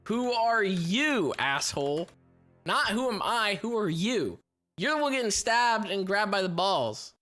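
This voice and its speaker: Reading a text adventure aloud, this woman streamer speaks in a mid-range, fairly bright voice at a measured pace and sounds very animated. Faint music sits in the background as she laughs frequently, curses freely and reacts incredulously.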